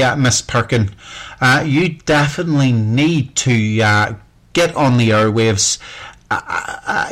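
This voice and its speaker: A man's voice: medium pitch, fairly bright tone. Belfast guy on community radio, gushing, lots of uh uh, mid voice. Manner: chatty and effusive, frequent hesitations. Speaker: radio host. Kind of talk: casual radio chat.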